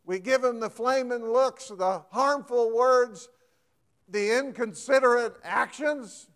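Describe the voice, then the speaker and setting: Man, preacher, high voice, folksy, emphatic sermon. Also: a little slow. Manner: folksy, asks the congregation questions, lively emphatic shifts.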